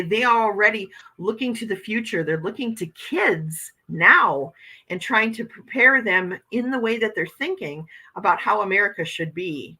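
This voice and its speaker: A woman's voice: mid-range voice, bright, forceful tone, poor audio. A woman hosting a casual morning livestream, chatting with viewers and reading their comments aloud as she shows oracle card decks.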